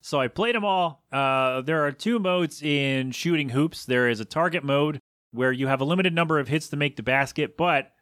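A man's voice: fairly high pitch, normal speed, fairly bright tone, no echo, clean studio sound. A man hosting a casual solo podcast, rambling and exasperated as he rants with frequent asides. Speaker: podcast host.

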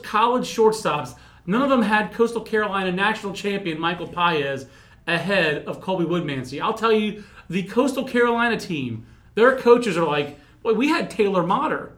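A man in casual podcast chat about baseball prospects, animated and rambling, poking fun at himself. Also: high-pitched, moderate pace. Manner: animated, rambling, self-mocking.

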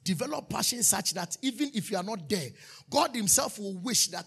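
A man preaching a sermon as pastor, swinging from sudden shouts to hushed asides. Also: high voice, lively intonation, moderate pace, vocal fry, husky.

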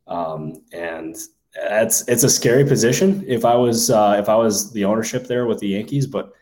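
A man co-hosting a sports podcast, musing casually and thinking out loud with many fillers. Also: lowish voice, moderate pace. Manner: thinks aloud with many ums and likes. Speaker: podcast co-host, sports reporter.

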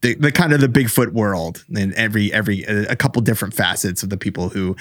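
Low-voiced man explaining at length. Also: quick pace, fairly bright tone, no room sound, studio quality. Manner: explaining with many fillers. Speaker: podcast co-host. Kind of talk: casual chat.

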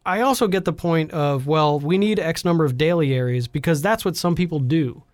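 A man's voice: on the high side, fairly quick, dry recording. A man co-hosting a casual gaming podcast, laid-back and agreeable, swearing casually. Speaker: podcast co-host.

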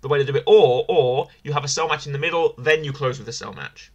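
A man's voice: on the high side, fast talker, muffled recording. A man co-hosting a casual review podcast, rambling and repeating himself as he restarts his sentences. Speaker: podcast co-host. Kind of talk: casual wrestling review chat.

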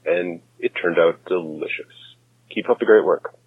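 A man's voice: low voice, moderate pace, husky, no room sound. A man leaving a brief, friendly voicemail for a podcast. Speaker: voicemail caller. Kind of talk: casual voicemail message. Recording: tinny phone line.

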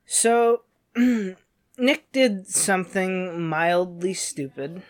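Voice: mid-range voice, animated, drawn-out words. Young adult rambling through a story. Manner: rambling, many fillers and restarts. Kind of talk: casual storytelling.

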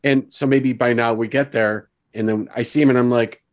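A man's voice: medium pitch, steady tone, moderate pace, faint music behind. A man playing a tabletop role-playing game, describing his character's actions. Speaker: player.

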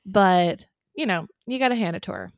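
A woman's voice: medium pitch, very animated, moderate pace, no echo, studio quality. A woman co-hosting a podcast, chatting casually and reacting to her co-host.

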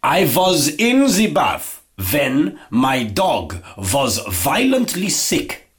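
A man putting on a heavy foreign accent for a joke, speaking slowly and theatrically as a man who cannot say W. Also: fairly high pitch, big pitch swings, voice pushed up, exaggerated voice. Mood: dramatic. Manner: slow, exaggerated put-on accent.

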